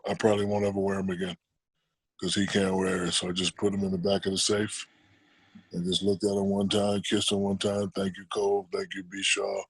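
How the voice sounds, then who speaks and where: A husky man in his forties talks in a low, grainy voice over a video call. He teases loudly in banter and turns slow and thoughtful when the talk gets serious. The sound is close and dry, with no room behind it. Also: little pitch movement, no room sound, rough recording. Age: 40s. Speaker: podcast guest.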